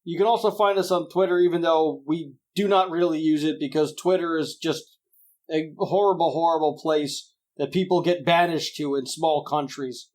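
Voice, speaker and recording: A man's voice: a little high, steady tone, normal speed, a little mellow. A young man hosting a podcast in a rambling, jokey, self-deprecating way. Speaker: podcast host. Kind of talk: casual podcast chat.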